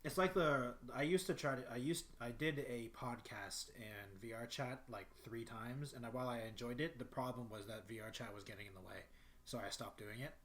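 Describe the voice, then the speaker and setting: A man's voice: mid-range voice, moderate pace, fairly bright tone. A young man streaming from his bedroom, chatting casually and rambling with lots of fillers and restarts. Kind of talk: casual solo livestream chat.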